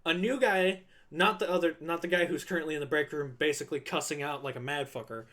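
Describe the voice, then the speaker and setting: High-voiced man telling a wild story. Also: fast. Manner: animated, acts out voices, swears freely. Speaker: streamer. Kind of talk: casual storytelling on stream.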